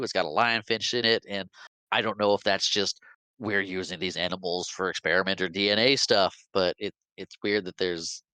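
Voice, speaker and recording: Podcast host type, lively movie recapper, bright crisp voice, low-ish, dry close mic. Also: male voice, dry recording, low-quality recording. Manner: animated retelling with quick character quotes and laughs.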